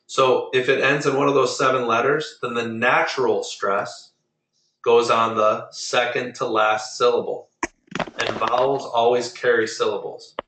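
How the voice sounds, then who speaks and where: A man's voice: medium pitch, fairly even intonation, a little slow, fairly bright tone, reverberant, far from the mic. A man teaching Spanish to an online class, patiently explaining rules step by step and drilling pronunciation.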